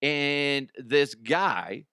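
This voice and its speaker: A man's voice: fairly high pitch, animated, extremely slow, gravelly, pushed and bright, clean tone, dry recording, clean studio sound. A man hosting a comedy podcast in casual, rambling chat, laughing often and swearing. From Colorado. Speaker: podcast host.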